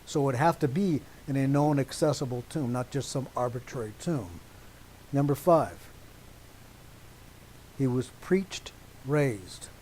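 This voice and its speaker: A man preaching a teaching sermon to a congregation, deliberate and emphatic, stopping often to check that his listeners agree. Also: mid-range voice, mellow, a little hiss or hum, rough recording.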